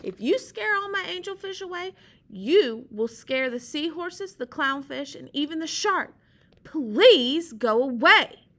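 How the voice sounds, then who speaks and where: A woman's voice: sits high, expressive, measured pace, fairly bright tone, voice pushed up, heavily acted. Woman doing a tiny, scolding sea slug. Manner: scolding, insistent. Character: tiny brave male sea slug, protective, bossy.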